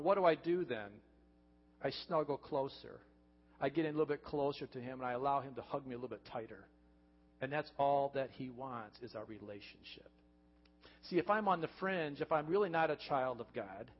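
A pastor preaching a heartfelt sermon, earnest and repetitive, building to emphatic points. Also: male voice, medium pitch. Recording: dull reverberant church recording.

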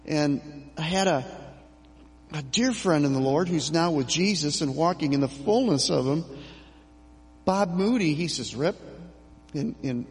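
A middle-aged man preaching a sermon as pastor, slow and emphatic with dramatic pauses. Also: fairly high pitch, creaky, in a large hall.

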